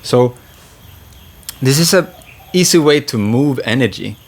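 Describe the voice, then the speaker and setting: A man teaching voice and breathwork in a calm, gentle way, pausing to breathe and sigh as he demonstrates. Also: mid-range voice. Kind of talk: calm spoken lesson.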